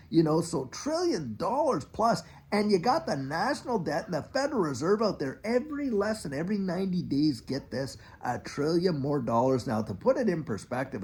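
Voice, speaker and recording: A middle-aged finance channel host ranting in a casual commentary monologue, now and then mocking officials in a put-on voice. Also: medium pitch. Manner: animated, ranting, mock-quoting officials.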